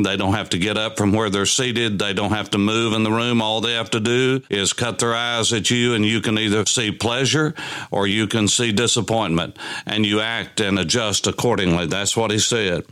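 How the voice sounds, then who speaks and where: A man hosting a radio Bible program, reading scripture slowly and deliberately with pauses and explaining it. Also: on the low side, a bit bright, clear, resonant tone.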